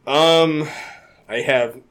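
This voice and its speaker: A man co-hosting a casual podcast chat about a TV show, animated and laughing often as he acts out scenes. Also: fairly high pitch, drawn-out words, clean tone. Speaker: podcast co-host.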